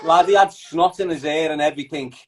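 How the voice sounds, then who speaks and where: A man with a strong Liverpool accent talks in a heated, unfiltered way, swearing freely and mocking the people he names. His voice sits a little higher than most men's, and he keeps the pace up as he drives his points home. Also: a little fast, a little hiss or hum. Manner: blunt, profane, mocking. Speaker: interview guest. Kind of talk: heated casual chat.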